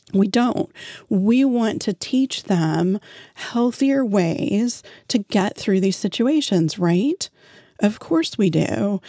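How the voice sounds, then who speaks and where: A woman coaches parents in a slow, unhurried delivery. Her voice is mellow and soft-edged, and the recording is dry and close. She talks straight to the listener, asking rhetorical questions. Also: medium pitch, no room sound. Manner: steady, measured, addresses listener directly with rhetorical questions. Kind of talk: advice monologue to parents.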